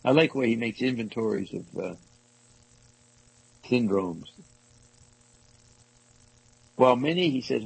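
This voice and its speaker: A man reading passages from a book aloud to a small group and commenting on them, halting and rereading lines as he goes. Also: mid-range voice, expressive, creaky, breathy edge, no room sound, poor audio. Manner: halting, restarts and rereads passages, asides to listeners. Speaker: discussion leader reading from a book.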